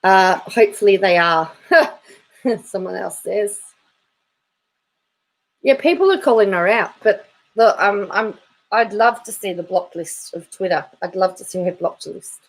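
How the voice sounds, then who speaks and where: Slow-talking woman reading viewer comments. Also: medium pitch, animated, low-quality recording. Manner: breaks into frequent laughter. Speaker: YouTube channel host. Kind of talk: casual livestream commentary.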